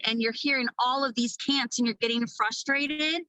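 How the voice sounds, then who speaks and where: A woman from Minnesota in her thirties giving a casual, energetic motivational training talk to her sales team, swearing freely. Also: on the high side, a little slow, few pauses, no room sound, rough recording. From Minnesota, USA. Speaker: network marketing team leader.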